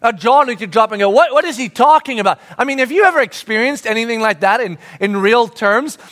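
A man's voice: extremely high pitch, expressive, brisk, a bit bright. A middle-aged man preaching a sermon, telling a family story with lots of energy and acting out his children's voices. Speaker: pastor.

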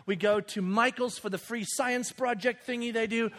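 A man, telling a lively story about his children and acting out voices with loud bursts. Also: extremely high pitch, moderate pace. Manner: animated, acts out kids and himself with loud bursts. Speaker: father and speaker. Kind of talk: storytelling talk.

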